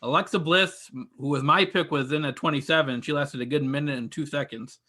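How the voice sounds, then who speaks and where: A man's voice: fairly high pitch, a little fast, bright, forceful tone. A man co-hosting a podcast, steadily recapping an event in a list-like way with filler uhs. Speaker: podcast co-host.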